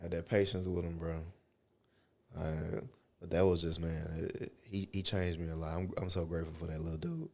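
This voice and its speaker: Gravelly deep-voiced man telling stories. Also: brisk. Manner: animated, profane storytelling with acted quotes. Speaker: podcast co-host. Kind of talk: casual chat, storytelling.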